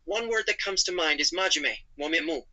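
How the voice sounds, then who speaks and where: A synthetic male voice as a gentle AI companion. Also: a little high, fairly quick, rough recording. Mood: earnest. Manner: calm, apologetic, narrates own actions.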